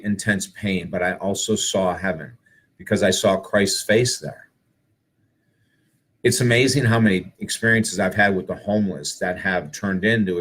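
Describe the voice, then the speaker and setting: Speaking in a deep voice, a male author and speaker shares spiritual stories with a live audience, earnest and animated and full of rhetorical questions.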